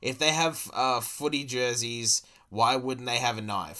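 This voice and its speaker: Reacting to a video as a streamer, a man with an Australian accent swears and sounds exasperated and incredulous throughout his running commentary. His medium-pitched voice is pushed and bright, at a moderate pace.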